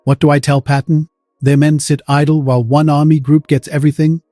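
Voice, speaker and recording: A man reading as a calm steely general. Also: a little high, no echo, studio quality, faint music behind, close to an everyday voice. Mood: firm. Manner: quiet, measured, firm. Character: calm steely middle-aged American general.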